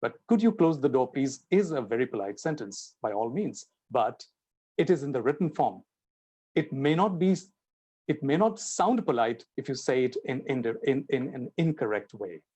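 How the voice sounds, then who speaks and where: A man's voice: mid-range voice, animated, moderate pace, darkish tone, slightly rough. A man giving a spoken English lesson, explaining and acting out example sentences with changing intonation and stress. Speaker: teacher.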